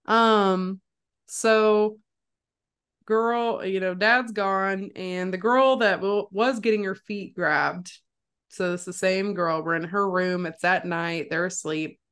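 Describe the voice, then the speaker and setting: A woman's voice: slow, clear, resonant tone. A young woman co-hosting a podcast, casually retelling a horror film scene by scene and acting out the quotes. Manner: animated storyteller, acts out quotes with jumps in pitch. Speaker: podcast co-host.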